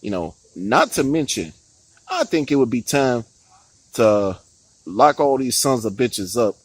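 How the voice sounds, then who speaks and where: Profane, ranting man with a lively voice. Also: medium pitch, measured pace, husky, no echo, rough recording. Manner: profane, heated, with frequent laughs and restarts. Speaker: political commentary vlogger. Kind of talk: ranting political commentary.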